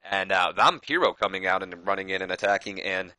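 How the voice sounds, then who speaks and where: A man's voice: deep voice, fairly quick, pushed and bright, no echo, rough recording. A man casually commentating a wrestling management game, rambling and correcting himself as he goes. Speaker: gaming YouTuber.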